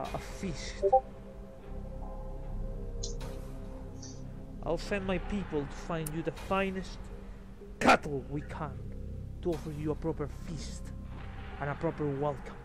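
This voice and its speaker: A man voicing an ancient male vampire lord in a tabletop game, speaking low, slow and hushed. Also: steady tone, over music, close to an everyday voice. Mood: hospitable.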